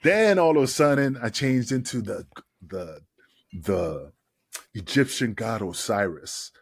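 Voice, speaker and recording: A man, a guest on a podcast, telling a long story in a casual, animated way, laughing and swearing as he goes. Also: medium pitch, a little slow, slightly rough, no echo, clean studio sound. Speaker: guest, former wrestler. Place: podcast studio.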